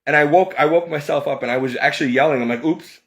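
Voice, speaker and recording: A man telling a personal story in a rambling way, with restarts and repeated words, his pitch climbing when he relives his anger. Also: quick pace. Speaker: video creator.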